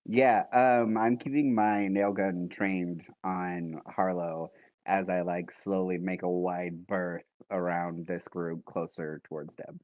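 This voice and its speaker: A man with a lowish voice talks slowly and hesitantly as a player in a tabletop game, breaking into giggles. The recording is dry, with no room sound. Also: little pitch movement, a little mellow, no room sound, muffled recording. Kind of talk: casual game chat.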